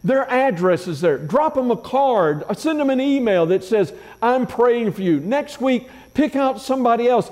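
A man preaching a sermon as pastor, measured and emphatic, driving points home with repeated phrases. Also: extremely high pitch, lively intonation, darkish tone. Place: church sanctuary. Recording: long reverb in a large church hall.

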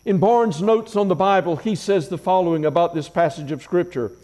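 A pastor with a high but mellow voice preaches a measured, emphatic sermon, stacking repeated phrases to hammer home each point. A long reverb from a large church sanctuary makes his words ring out.

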